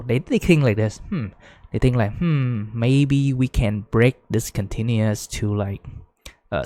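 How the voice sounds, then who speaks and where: A man's voice: fairly low pitch, dry recording. Chatty man teaching at a whiteboard. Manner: chatty, many fillers, rising excitement when explaining. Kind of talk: casual whiteboard lecture.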